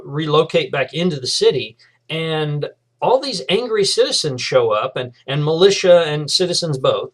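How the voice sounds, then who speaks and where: A middle-aged man, a history professor giving a recorded lecture in a relaxed way, with many fillers and restarts. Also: medium pitch.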